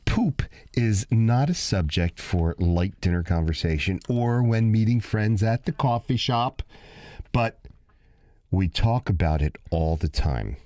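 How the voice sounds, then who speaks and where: A man co-hosting a radio show, chatting and telling funny stories in an animated, jokey way. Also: a little slow, no echo. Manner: animated, jokey, lively pitch swings. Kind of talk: casual radio banter and storytelling.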